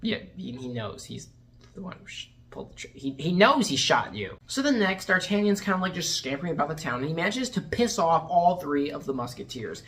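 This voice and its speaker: A woman's voice: deep voice, sing-song, a little fast. A woman reviewing a movie in a casual rant, sarcastic and exasperated, swearing freely and acting out quotes in mocking voices.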